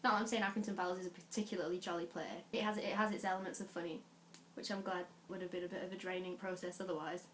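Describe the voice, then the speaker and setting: A young woman from the North West of England with a Lancashire accent, talking to camera in an animated, chatty way, full of quick asides and restarts. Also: fairly low pitch, roomy sound, slight background noise. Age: young adult. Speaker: vlogger. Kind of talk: casual chat.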